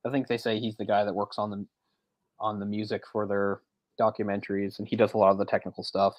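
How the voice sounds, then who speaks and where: A man's voice: on the low side, level tone, fast talker, dry recording, highs cut off. A man chatting casually on a movie discussion podcast, retelling scenes in a rambling way with frequent restarts and chuckles. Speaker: podcast co-host.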